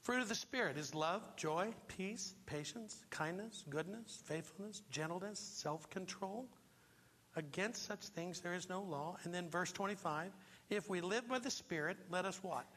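A man's voice: high voice, moderate pace, a bit bright, long reverb tail, slight background noise. A man pastor preaching a sermon, emphatic and full of rhetorical questions to the congregation. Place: church sanctuary.

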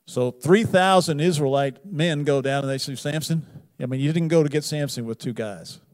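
A man preaching a sermon, retelling a Bible story with wry humor and big swings between loud emphasis and quiet asides. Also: fairly high pitch, moderate pace. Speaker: pastor.

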